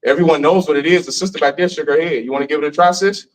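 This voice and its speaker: A man giving an animated lecture to a live class, often questioning his listeners. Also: a little high, racing. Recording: voice from far off.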